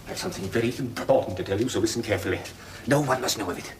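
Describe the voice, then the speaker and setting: An actor plays an aging Roman emperor, weary and anxious, speaking with measured earnestness. His voice sits very low. A faint hiss lies under the old television recording. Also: natural voice. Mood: urgent. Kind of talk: television period drama acting.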